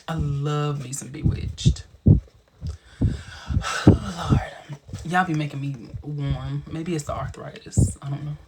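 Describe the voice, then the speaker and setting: A young man hosting a casual livestream, chatty and animated, who laughs often and sometimes drops into a whisper. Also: fairly high pitch, slow, long pauses, very noisy. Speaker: livestream host.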